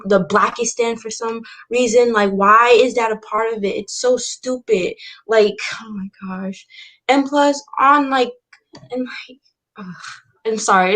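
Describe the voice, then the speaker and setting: A woman on a livestream panel speaking in casual chat, hesitant, with many fillers and restarts. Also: fairly high pitch.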